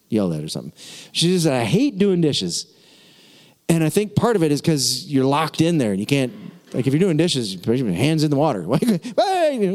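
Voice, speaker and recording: A man preaches to a congregation with a slightly high voice, repeating phrases and drawing out key words. His delivery is lively and conversational. Long reverb from a church hall trails his words. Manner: lively, repetitive preaching, drawn-out emphasis. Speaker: pastor. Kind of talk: sermon.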